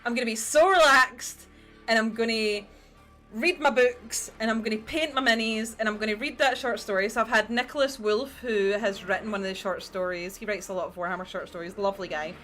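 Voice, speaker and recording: Faint music sits behind this young woman's fairly high, fairly bright voice, which moves fairly quickly with fairly even intonation. In a casual livestream chat, she paints miniatures and talks directly to her viewers, swearing without holding back.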